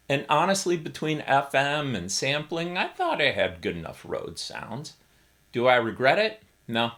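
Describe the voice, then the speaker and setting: Wry middle-aged man, lower voice. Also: a bit bright. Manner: wry, self-deprecating humor. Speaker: keyboard YouTuber. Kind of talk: casual explanatory vlog. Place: small home studio in a bedroom.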